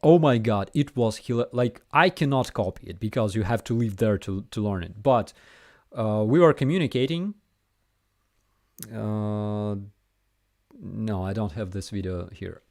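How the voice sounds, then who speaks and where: A man with a Ukrainian accent hosting a casual live Q&A and reading chat messages aloud, with a relaxed, hesitant manner and many fillers. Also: on the low side, a little slow, dry recording, clean studio sound. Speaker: livestream host answering chat.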